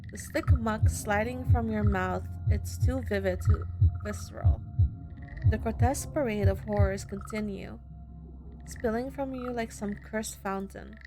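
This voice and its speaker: A woman streamer reading horror game text aloud, slow and dramatic with long pauses. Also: medium pitch, background noise. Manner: reads slowly with drawn-out pauses, then shouts angrily at the character.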